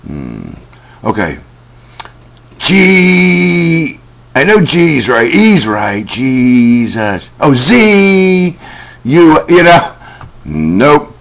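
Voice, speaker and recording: Middle-aged man as a self-help vlog host, rambling and folksy, pitch that rises and falls a lot. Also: fairly bright tone. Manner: rambling, folksy, with many fillers and asides. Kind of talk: casual talk to camera.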